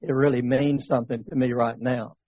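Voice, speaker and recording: A man voicing a dying elderly woman, quoting her plainly in his own husky voice in a dull lo-fi recording. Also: medium pitch, little pitch movement, fairly quick, no room sound, close to an everyday voice. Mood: calm.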